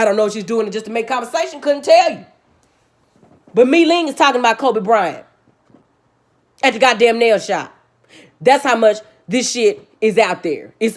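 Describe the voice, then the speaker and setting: A woman delivering an impassioned, profanity-heavy rant as a vlogger. She repeats her points emphatically and preaches, swinging between loud outbursts and low, subdued stretches.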